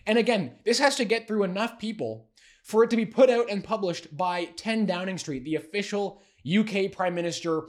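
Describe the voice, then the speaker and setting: A man with a notably high voice talks through political news in a casual commentary show. His tone is sarcastic and mocking, and he delivers it with lively energy. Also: moderate pace.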